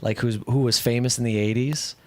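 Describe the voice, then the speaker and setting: A man co-hosting a casual online show, wandering from one thought to the next. His voice sits at an ordinary middle pitch, and he laughs often as he muses. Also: steady tone, fairly quick, a little mellow. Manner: rambling, musing, laughs often. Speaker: co-host. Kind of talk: casual chat.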